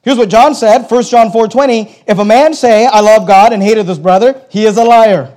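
Man, very high voice, middle-aged pastor, emphatic sermon, repeats key lines. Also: moderate pace. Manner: emphatic, repeats key phrases, swings between loud and soft.

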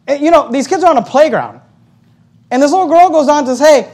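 A middle-aged male pastor delivers a sermon in a notably high voice. He tells his story with animated energy, rising loud and then dropping to a hush. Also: brisk. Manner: animated storytelling, acting out quoted voices, swings between loud and hushed.

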